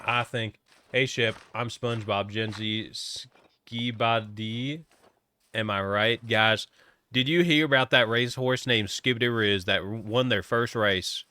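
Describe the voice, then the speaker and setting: A man's voice: fairly low pitch, steady tone, measured pace, bright, forceful tone, no room sound. A man streaming a game, chatting casually and joking with viewers as he rambles.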